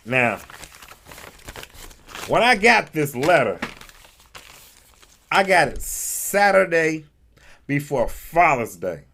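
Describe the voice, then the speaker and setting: A man hosting a talk radio stream, telling a personal story in an animated way and acting out the people in it. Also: fairly high pitch, creaky. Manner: acts out the people in his story with quick voice changes; emphatic and indignant.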